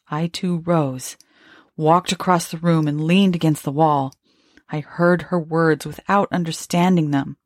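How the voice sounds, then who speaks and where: A woman narrating a story in a measured, somber way, with a husky voice. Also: low voice, fairly even intonation, no room sound, clean studio sound. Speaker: audiobook narrator.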